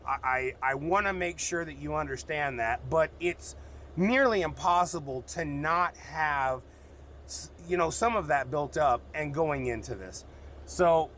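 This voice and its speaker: A man's voice: fairly high pitch, a bit bright, a little hiss or hum. A man from the United States, a truck driver, talking frankly and rambling in a casual vlog, with plenty of cussing. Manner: frank, rambling, cusses freely.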